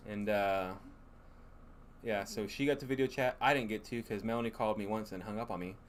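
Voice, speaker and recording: A man's voice: lowish voice, steady tone, brisk, a little hiss or hum. A man co-hosting a casual live stream from home, chatty and teasing. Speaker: co-host.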